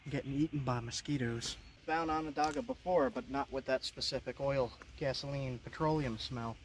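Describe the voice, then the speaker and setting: A man's voice: medium pitch, steady tone, normal speed. Chatty man vlogging outdoors by a creek. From Long Island, New York. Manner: chatty, talks to camera while searching rocks. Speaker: bushcraft vlogger. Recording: noisy outdoor ambience.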